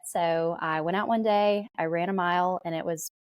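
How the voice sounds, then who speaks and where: Woman, young adult, Southern twang, candid storyteller, lowish voice, dry sound. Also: steady tone, brisk, dry recording. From southern Alabama, USA. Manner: candid storytelling, light laughs. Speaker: podcast guest. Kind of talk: conversational interview.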